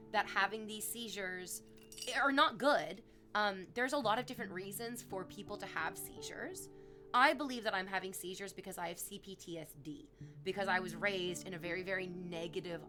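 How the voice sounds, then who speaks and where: Bright-voiced rambling woman streamer. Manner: rambling and self-mocking, bursts into high squealing excitement over gifted subs. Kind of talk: casual chat with viewers.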